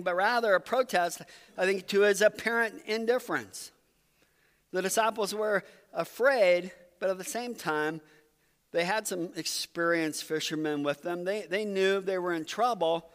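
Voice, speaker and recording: A man's voice: sits high, a bit bright. A man preaching a sermon as pastor, telling the story in a conversational, earnest way. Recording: long reverb from a hall.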